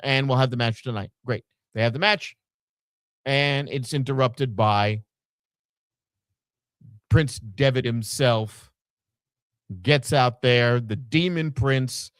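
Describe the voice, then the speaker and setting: A man's voice: medium pitch, takes it slowly, pauses often, fairly bright tone, smooth, no room sound, studio quality. A man co-hosting a podcast, giving a blunt, profane, opinionated wrestling recap in casual chat. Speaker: podcast co-host.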